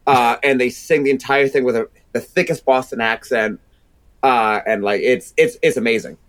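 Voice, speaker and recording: A man's voice: medium pitch, steady tone, normal speed, fairly bright tone, no room sound. A man with a Rhode Island accent, a sound engineer guest chatting energetically and rambling with many restarts. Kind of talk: casual chat.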